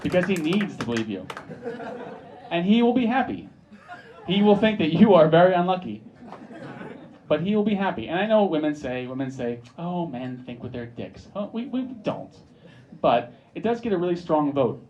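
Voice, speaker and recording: A man's voice: high voice, animated, moderate pace, long pauses, darkish tone, highs cut off, slight background noise. A man performing stand-up comedy on a pub stage, playfully teasing the audience.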